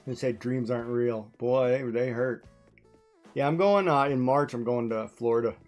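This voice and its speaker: A woman's voice: rumbling low, normal speed, a little mellow. Woman streamer, casual storytelling, laughs a lot, faint music behind. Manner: chatty storytelling, laughing often. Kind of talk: casual chat while playing a game.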